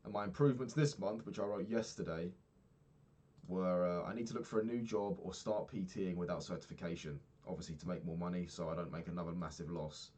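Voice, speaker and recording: Young man, low voice, casual sweary vlog ranting. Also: fairly quick, darkish tone. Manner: rambling, swears a lot, ranting. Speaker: vlogger.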